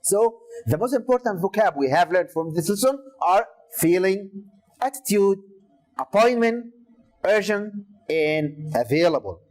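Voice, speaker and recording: A man's voice: high voice, lively intonation, unhurried, a little mellow, rough recording. A man teaching an English lesson to secondary students, explaining step by step and repeating key words; Arabic is his first language.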